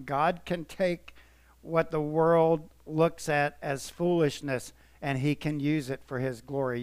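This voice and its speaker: Male pastor, emotional sermon delivery, loud and soft by turns, slows to stress words; smooth, dry. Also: a little high, no room sound. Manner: emotional, earnest, swells and drops in volume.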